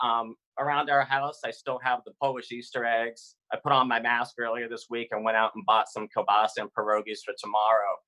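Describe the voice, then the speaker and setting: A man from Massachusetts telling a personal story live over a video call, animated and chatty with fillers. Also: medium pitch, rough recording.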